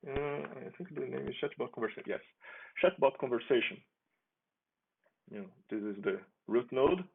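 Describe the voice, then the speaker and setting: A man giving a relaxed, chatty demo of his own software, restarting phrases and chuckling now and then. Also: mid-range voice, moderate pace, creaky, a little hiss or hum. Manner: relaxed, chatty, with frequent restarts and small laughs. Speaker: software developer demoing his app. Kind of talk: casual screen-recorded software demo. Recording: tinny phone-like sound.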